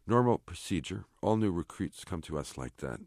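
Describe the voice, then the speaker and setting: Man reading as a gruff, blunt army sergeant. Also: sits low, big pitch swings, normal speed, darkish tone, no room sound, studio quality. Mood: explaining.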